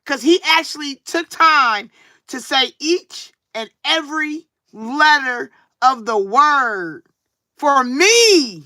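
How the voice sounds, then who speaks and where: A woman live streamer speaks in a high, bright voice that is sarcastic and animated. Her talk rises and falls with a preacher-like cadence. The sound is close and dry, with no room around it. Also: slow pace, no echo. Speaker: livestream tarot reader. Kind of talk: casual livestream talk to viewers.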